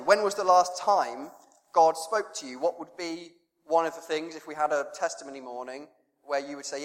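A man's voice: fairly high pitch, normal speed, a bit bright. A man preaching an informal sermon, conversational and self-deprecating, with lots of rhetorical questions. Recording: long hall reverb.

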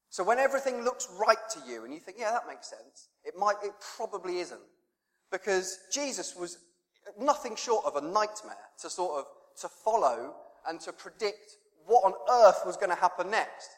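A man preaching an informal sermon, conversational and self-deprecating, with lots of rhetorical questions. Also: a little high. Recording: long hall reverb.

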